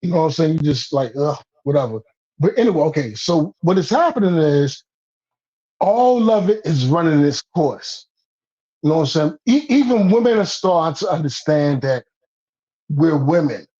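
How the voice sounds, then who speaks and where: A man in heated casual chat, rambling, repeating himself and swearing as he builds to loud outbursts. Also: on the high side, big pitch swings, normal speed, husky. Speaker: guest on a talk stream. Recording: dull lo-fi stream audio.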